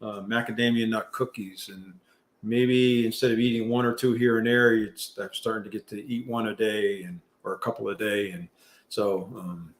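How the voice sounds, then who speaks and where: A man's voice: on the low side, steady tone, moderate pace. A middle-aged man from California hosting a casual livestream, rambling with many fillers and restarts and joking about himself. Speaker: livestream host. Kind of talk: casual live chat reading viewer comments.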